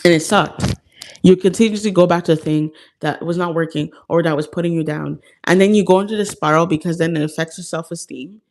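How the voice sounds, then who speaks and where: A woman talks straight to her viewers in a loose, rambling heart-to-heart, circling back and restarting as she goes. Her voice carries a steady creaky fry. She sounds earnest and confiding, calling her audience "guys" as if they were close friends. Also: lowish voice, a little fast. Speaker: host of a self-help live stream. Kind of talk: casual heart-to-heart talk to viewers.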